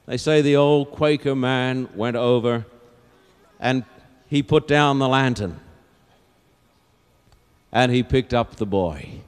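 Slow dramatic preacher man in an echoing hall. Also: medium pitch, smooth. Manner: dramatic storytelling, swinging from hushed to loud. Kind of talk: evangelistic sermon. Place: large auditorium. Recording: long auditorium reverb.

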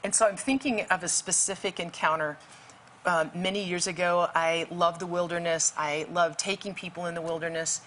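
A woman's voice: lowish voice, steady tone, moderate pace, fairly bright tone, slight background noise. A woman guest telling a faith story vividly, acting out the dialogue in it. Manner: vivid, acts out quoted dialogue. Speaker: guest author. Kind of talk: storytelling testimony.

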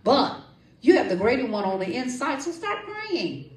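A woman preaching a lively sermon with testimony and prayer, calling out to her congregation and coaxing responses. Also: on the high side, moderate pace, recorded from a distance. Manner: lively, call-and-response, folksy. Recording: echoey room, voice from off-mic.

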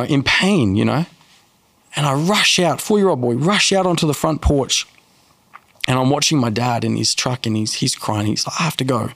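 Man, earnest halting testimony, gravelly, dead dry sound. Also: mid-range voice, no echo. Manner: earnest, halting storytelling with many restarts. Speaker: guest telling his testimony. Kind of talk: personal testimony in an interview.

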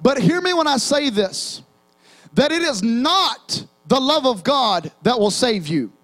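A young man preaches in a church with a strikingly high voice. He calls out to the congregation and slips into half-sung hymn lines as he goes. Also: big pitch swings, a little slow, a bit bright. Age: young adult. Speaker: pastor. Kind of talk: sermon. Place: church sanctuary.

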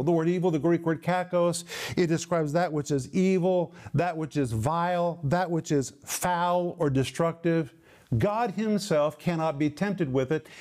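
A male preacher delivers a sermon in a fairly high-pitched voice. He explains words carefully and drags out key phrases to stress them. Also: darkish tone. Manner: emphatic, slows down to stress words.

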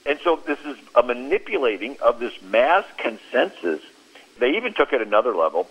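A man speaking at a middling pitch with a slightly husky edge, telling stories on a Christian radio talk show. He livens his tales by acting out what people said. The sound is muffled and lo-fi, as if heard over radio. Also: brisk. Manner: animated storyteller who acts out quoted speech.

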